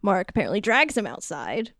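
A woman co-hosting a podcast, casually recapping a film with quick mock voices for its characters. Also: mid-range voice, sing-song, fairly bright tone, dry recording, studio quality. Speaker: podcast co-host. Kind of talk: casual movie recap chat.

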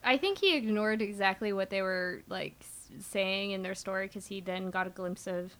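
A woman's voice: medium pitch, fairly bright tone. A woman co-hosting a podcast in casual chat, making wry joking asides about a film. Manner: wry, quick jokey asides. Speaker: podcast co-host.

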